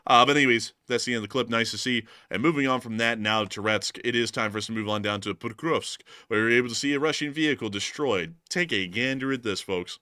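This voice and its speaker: A man's voice: mid-range voice, fast talker, few pauses, dry recording, studio quality. A man hosting a war news show, giving casual, joking commentary over battle footage. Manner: joking, animated, self-mocking.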